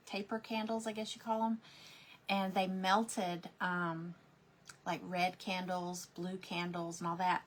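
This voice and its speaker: A woman talks through a crafting session, telling a rambling story with fillers and restarts. Her voice sits at an ordinary middle pitch for a woman. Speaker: crafting vlogger. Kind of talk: casual chat while crafting.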